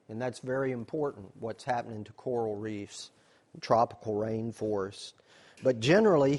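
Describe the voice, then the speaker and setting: A man's voice: medium pitch, a little mellow. A man, a nature center staff member giving a slideshow presentation. He explains things step by step, asking questions and then answering them.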